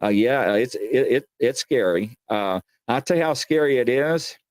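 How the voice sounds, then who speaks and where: A man's voice: medium pitch, expressive, normal speed, a little mellow, dry recording. A man hosting a paranormal talk show, telling stories in a folksy, meandering way and addressing his audience directly. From Kentucky. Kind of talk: casual rambling storytelling.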